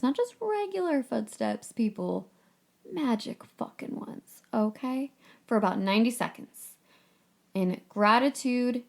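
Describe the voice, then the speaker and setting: A woman hosting a casual solo podcast, talking in a chatty, upbeat and playful way with casual swearing. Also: mid-range voice. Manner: playful, breezy. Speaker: podcast host.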